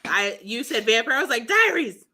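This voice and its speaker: High, bubbly giggling woman. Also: animated, a little fast, pushed and bright. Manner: giggly, enthusiastic. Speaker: co-host. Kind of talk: casual group chat.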